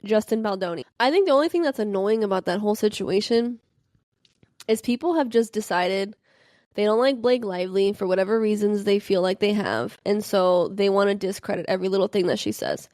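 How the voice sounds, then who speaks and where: A young adult woman hosting a casual podcast, telling gossip and stories animatedly and acting out quotes with big jumps in pitch. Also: animated, fairly quick, darkish tone, no room sound, studio quality. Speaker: podcast host. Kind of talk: casual chat about reality TV and celebrity gossip.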